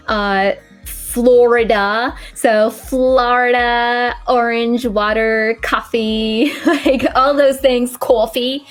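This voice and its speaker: A voice actress from Long Island with a General American accent, chatting in a casual interview, relaxed and laughing often. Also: female voice, mid-range voice. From Long Island, New York. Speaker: voice actress guest.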